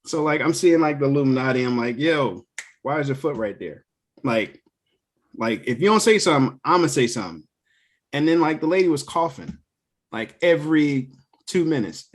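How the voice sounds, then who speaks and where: A young man co-hosting a podcast, telling a story in casual chat, swearing freely and laughing often. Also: fairly high pitch. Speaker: podcast co-host.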